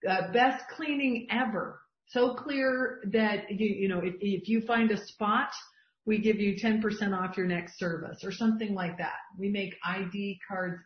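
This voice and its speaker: A woman's voice: medium pitch, normal speed. A middle-aged woman leading an online group coaching session, talking with emphatic enthusiasm as she reads from shared lists. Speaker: business coach. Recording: dull, roomy video-call audio.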